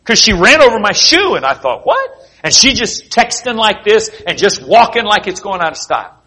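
A man preaching a sermon, telling animated, jokey stories with sound effects. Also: high-pitched, brisk, breathy edge. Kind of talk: sermon with storytelling.

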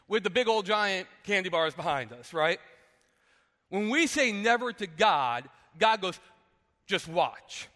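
A bright, fairly high-voiced man in his thirties, a pastor from New Jersey, preaching with lively storytelling and playful asides. His voice rings out with a long hall reverb behind it. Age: 30s. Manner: animated storytelling, jokey asides, acts out quotes. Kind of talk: sermon with personal stories.

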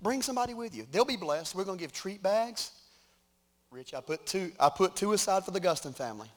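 A man's voice: high voice, animated, fairly quick. A middle-aged man, preaching in a conversational, joking way from a church stage. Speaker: pastor. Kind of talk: sermon with announcements and prayer.

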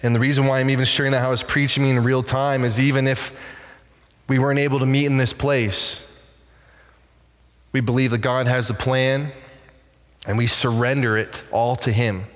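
A man's voice: medium pitch, steady tone, normal speed, pauses often, big-room sound. A man preaching a sermon as pastor of a church, earnest and heartfelt, often repeating words as he goes.

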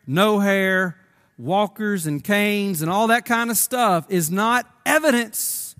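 A man's voice: high-pitched, fairly bright tone, big-room sound. A man preaching a sermon as a pastor, building emphasis through repeated phrases and voicing the biblical speakers.

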